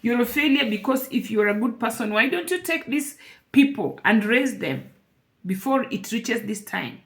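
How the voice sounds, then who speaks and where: A woman's voice: on the high side, expressive, normal speed. Earnest woman vlogger. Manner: earnest, repeats phrases for emphasis. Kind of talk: emotional personal monologue.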